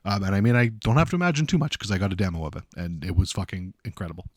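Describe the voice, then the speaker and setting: A man co-hosting a casual podcast, swearing freely as he tells stories with lively energy. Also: sits low, very fast, no echo, studio quality. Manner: profane, animated storytelling. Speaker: podcast co-host. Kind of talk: casual chat.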